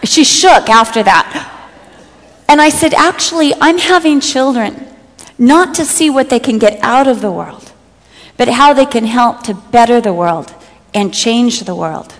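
A woman's voice: fairly high pitch, animated, a little slow. A middle-aged woman giving a sermon, telling personal stories and acting out what friends said with humor. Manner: storytelling, acts out quoted friends with humor. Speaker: speaker giving a talk to women. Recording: long hall reverb.

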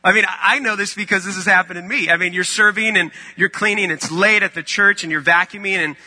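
A man's voice: high-pitched, fairly even intonation, fast talker, pushed and bright, long reverb tail. A man preaching a sermon in a conversational, storytelling way. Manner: conversational, storytelling with acted-out quotes.

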